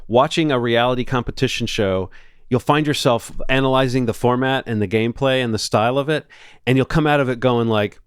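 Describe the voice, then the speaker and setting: A man's voice: mid-range voice, a little fast, clean tone, no echo, studio quality. A man co-hosting a movie podcast, chatting casually in long, rambling stretches. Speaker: podcast co-host. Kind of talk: casual chat.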